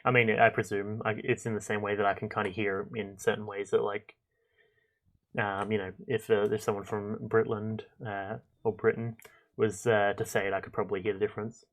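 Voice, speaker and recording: A young man streaming a game, chatting casually and thinking out loud with lots of fillers and restarts. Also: lowish voice, little pitch movement, brisk. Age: young adult. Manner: rambling, chatty, thinks aloud with many fillers. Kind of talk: casual gameplay commentary.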